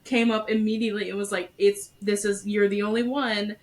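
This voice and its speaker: A woman's voice: medium pitch, flat delivery, a little fast. A woman podcast host telling a personal story in a candid, conversational way. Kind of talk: casual podcast chat.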